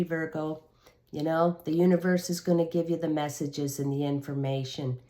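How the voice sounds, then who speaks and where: A woman's voice: deep voice, flat delivery, normal speed, mellow. A woman hosting a tarot reading video, talking straight to the viewer in a reassuring way and often checking in with "okay". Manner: reassuring, repeats "okay" and the listener's sign. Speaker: tarot reader.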